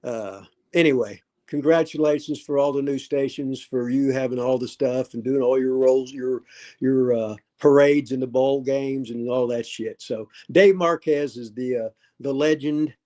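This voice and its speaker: Rambling gruff older man host. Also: mid-range voice, steady tone, normal speed, warm tone. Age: 70s. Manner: rambling, gruff, trailing off and restarting. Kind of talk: casual livestream chat.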